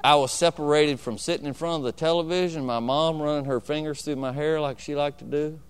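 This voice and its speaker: A man's voice: fairly high pitch, fairly even intonation, a little fast, clean tone. A man pastor preaching a sermon, telling a personal story and calling out to the congregation for agreement.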